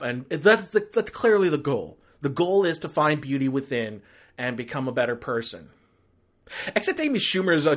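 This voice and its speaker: A movie reviewer tears into a film in an exasperated rant, voice leaping up and down in pitch. The talk is loose and full of fillers and restarts, building into angry outbursts. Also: a bit bright. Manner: ranting, exasperated, escalating into outbursts. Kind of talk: ranked-list movie review commentary.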